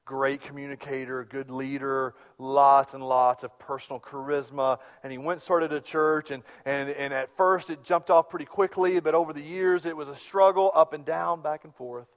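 A middle-aged man preaching a sermon as a pastor, telling stories with big swings from hushed to loud. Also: fairly high pitch, fairly even intonation, moderate pace, hardly any pauses. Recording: long hall reverb.

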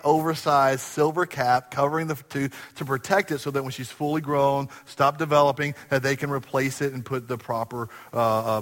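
A man preaching a sermon to his congregation in a church, telling stories with animated bursts and quiet asides. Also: medium pitch, long reverb tail. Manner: animated storytelling, swinging between loud bursts and quiet asides. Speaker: pastor. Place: church sanctuary.

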